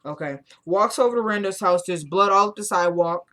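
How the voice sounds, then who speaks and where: A woman casually recapping a TV episode for her viewers, retelling scenes with quick asides to the audience. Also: medium pitch, fairly bright tone.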